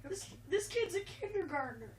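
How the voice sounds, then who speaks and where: Woman host, high voice, rambling halting storyteller, roomy noisy home recording. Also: sing-song. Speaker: video host. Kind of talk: casual chat and storytelling. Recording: roomy, distant, noisy mic.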